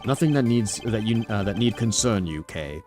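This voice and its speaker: A man voicing a cool, aloof male prosecutor in a formal, quiet delivery. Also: on the low side, expressive, normal speed, faint music behind, close to an everyday voice. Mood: stern.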